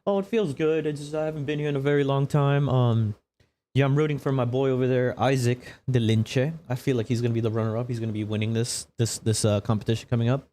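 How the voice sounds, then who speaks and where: A man's voice: mid-range voice, fairly even intonation, fast talker, mellow, voice pushed up, close to an everyday voice. A man voicing a cheerful woman who is a reigning cooking champion in a tabletop game.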